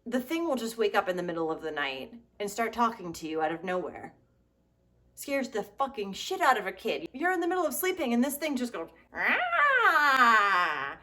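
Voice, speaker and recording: A woman's voice: medium pitch, a little fast. Sarcastic woman vlogger, swearing freely. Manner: sarcastic, swearing, animated asides. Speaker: comedy vlogger. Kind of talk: casual comedic commentary.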